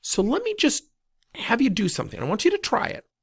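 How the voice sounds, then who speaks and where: Man, coaching trainer, gravelly voice, very expressive pitch, tells stories with dialogue. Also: brisk, dry recording, clean studio sound. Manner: animated, retells conversations with quoted dialogue. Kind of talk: storytelling coaching talk.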